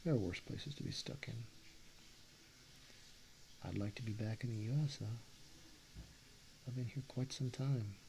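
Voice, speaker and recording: Gravelly man with a Texas accent. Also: mid-range voice, unhurried, long pauses, mellow, slight background noise. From Texas, USA. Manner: meandering, self-correcting, musing aloud. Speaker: artist vlogger. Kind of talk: casual vlog talk.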